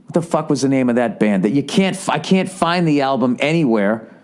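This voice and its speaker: Forties guy rambling thru a story on his podcast, swears a lot, keeps cutting himself off, middle pitched voice. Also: animated, fairly quick, a little mellow. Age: 40s. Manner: profane, self-deprecating, restarts and asides. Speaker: podcast host.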